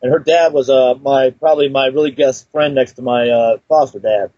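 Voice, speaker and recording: A man's voice: mid-range voice, steady tone, moderate pace, mellow, no echo. A man telling a personal story in a casual, rambling way, with many fillers and restarts. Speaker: guest storyteller. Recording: dull lo-fi recording, dry.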